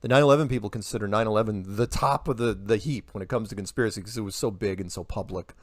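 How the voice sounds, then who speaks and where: A man's voice: fairly low pitch, quick pace, dry recording, clean studio sound. A man talking in a casual podcast conversation, rambling, laughing often and acting out the quotes he reports. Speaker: podcast guest.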